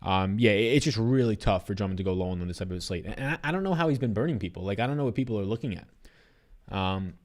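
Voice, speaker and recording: A young man hosting a sports betting livestream, chatting loosely, reading viewer comments aloud and answering them. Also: on the low side. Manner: fast, animated, loose and profane.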